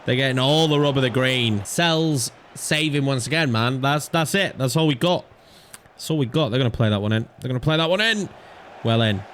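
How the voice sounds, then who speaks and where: A young man commentating his own football video game match in a chatty way, swinging between calm analysis and frantic pleading. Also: mid-range voice, a little fast, a little hiss or hum. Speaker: gaming YouTuber. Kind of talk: live gameplay commentary.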